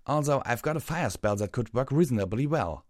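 A man voicing a young male unicorn mage, speaking loud and strained in a storybook reading. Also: medium pitch, expressive, a little fast, dry recording, studio quality, pitched above the performer's own voice, close to an everyday voice. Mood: urgent.

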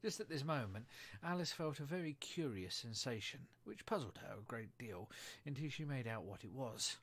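Male storybook narrator, breathy, husky, even delivery. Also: medium pitch, normal speed. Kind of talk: storybook read-aloud.

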